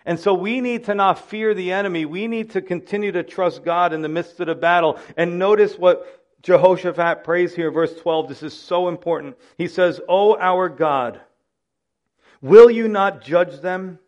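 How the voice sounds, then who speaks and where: A man's voice: sits high, steady tone, moderate pace. A male pastor delivering a sermon, with impassioned preaching that swells and drops in volume.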